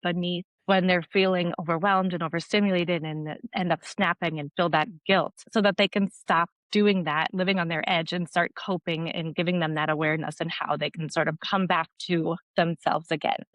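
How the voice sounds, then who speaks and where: A woman's voice: lowish voice, steady tone, moderate pace, hardly any pauses, fairly bright tone, no room sound. A woman in her thirties, a nurse guest on a podcast, telling her personal story earnestly with lots of "like" fillers. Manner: earnest, heavy use of "like" as filler. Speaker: guest, registered nurse and mom educator.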